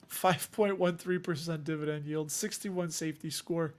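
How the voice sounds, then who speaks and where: A man's voice: a little high, steady tone, moderate pace, few pauses. A man from Chicago with a Chicago accent, hosting a casual investing livestream in a rambling, joking, self-deprecating way. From Chicago area. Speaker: dividend investing livestream host.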